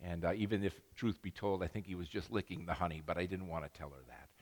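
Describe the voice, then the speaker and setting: An older pastor with a low, steady, darkish voice preaches a sermon at a quick pace in a church sanctuary, where the sound is big and roomy. He rambles through stories with many restarts and asides, cracking self-deprecating jokes.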